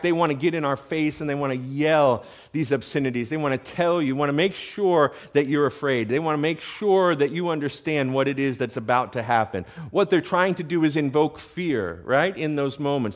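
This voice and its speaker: A man preaching a sermon in a church, talking conversationally and often checking in with the congregation with questions. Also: fairly high pitch. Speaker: pastor. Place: church sanctuary.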